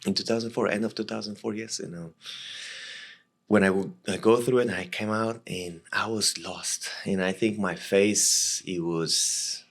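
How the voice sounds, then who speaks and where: A man in his thirties from Costa Rica with a Spanish accent, telling a personal story as an interview guest in halting, repetitive speech. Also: low voice, gravelly. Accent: Costa Rican Spanish. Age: 30s. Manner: halting, repeats and restarts words often. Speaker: guest, former legionnaire.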